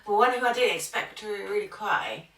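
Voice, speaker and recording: A woman's voice: mid-range voice, moderate pace, very noisy. A young woman who teaches primary school, chatting on a podcast and telling stories in which she acts out what other people said. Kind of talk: casual podcast chat. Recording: echoey room, far from the mic.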